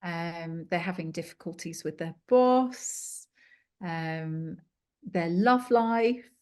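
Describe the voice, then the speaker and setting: A woman being interviewed as a clairvoyant guest over a video call, talking in a chatty, animated storytelling way. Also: on the low side, slow pace. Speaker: clairvoyant and angel card reader guest.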